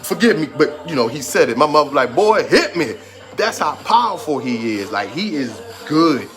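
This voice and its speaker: A man's voice: on the high side, big pitch swings, fairly quick, a bit bright. Man, thirties, motivational talk, fervent and emphatic, near tears, music behind. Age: 30s. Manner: trying to hold back tears. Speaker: motivational speaker.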